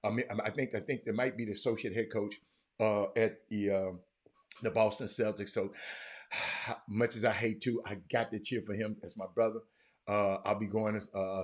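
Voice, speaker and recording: A middle-aged show host rambles casually to his viewers in a lowish voice. His delivery is animated and repetitive, packed with fillers and punctuated by sudden bursts of excitement.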